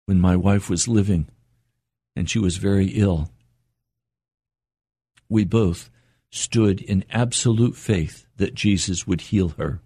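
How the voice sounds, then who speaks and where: An older man preaching an earnest radio sermon, his voice climbing higher as he presses a point. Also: warm tone, husky, dry recording, clean studio sound. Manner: earnest, rising in pitch for emphasis and quotes.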